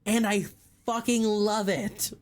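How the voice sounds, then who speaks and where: Brief: higher-voiced man streamer, animated casual chat, lots of "like", swears freely. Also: slow. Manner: excitable, chatty, repeats words, says like often.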